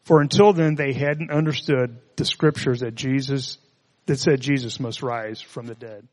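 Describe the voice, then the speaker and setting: A man's voice: mid-range voice, fairly even intonation, normal speed, big-room sound. A man preaching a sermon, reading scripture and adding conversational, joking asides. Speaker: pastor.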